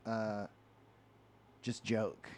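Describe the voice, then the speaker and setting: A man's voice: lowish voice, flat delivery, very slow, darkish tone. A man co-hosting a podcast, reading comic captions aloud in a wry, casual chat. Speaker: podcast co-host.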